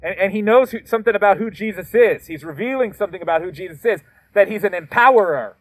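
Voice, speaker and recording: A man's voice: high-pitched, animated, quick pace. A male pastor giving a sermon in a conversational, emphatic way, with casual slangy asides as he reads and retells a Bible passage.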